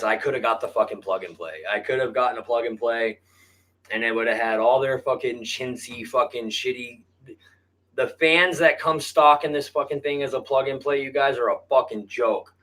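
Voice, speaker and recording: A man's voice: medium pitch, normal speed, fairly bright tone, poor audio. Male hobby host, mid-range voice, crude and blunt, talks shop to "you guys" while building. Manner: blunt, heavy swearing, addresses viewers as "you guys". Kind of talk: casual profane workshop talk to camera.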